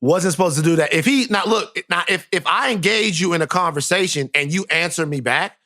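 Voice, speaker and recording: A man co-hosting a podcast, telling stories in a casual, animated way and repeating phrases for emphasis. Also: high voice, fairly quick. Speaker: podcast co-host. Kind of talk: casual chat, animated storytelling.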